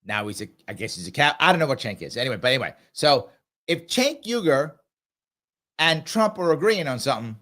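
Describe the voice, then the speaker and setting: A man's voice: mid-range voice, sing-song, brisk, a bit bright. A middle-aged man from New York hosting live political commentary, emphatic and fond of repeating his points. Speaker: talk show host.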